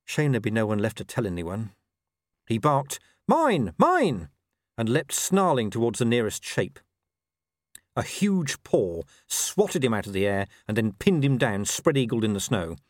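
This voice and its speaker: A man narrating an audiobook in an expressive, wry storytelling manner. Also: lowish voice, normal speed, dry recording, clean studio sound. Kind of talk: scripted narration.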